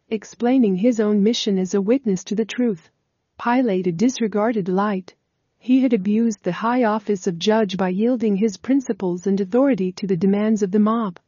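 A woman reading a religious text aloud as scripted narration, in a steady, measured way. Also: mid-range voice, no room sound. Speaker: audiobook reader. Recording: dull, lo-fi dry recording.

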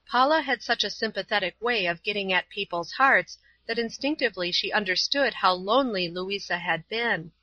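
Woman, storybook narration, steady clear reading, bright voice, dull lo-fi sound. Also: mid-range voice, normal speed, hardly any pauses, dry recording. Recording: dull, dry lo-fi recording.

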